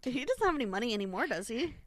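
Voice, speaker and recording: A young adult woman co-hosts a podcast in a slightly high, sing-song voice, talking very fast in casual chat. She laughs often and retells stories with little acted-out quotes, over slight background noise.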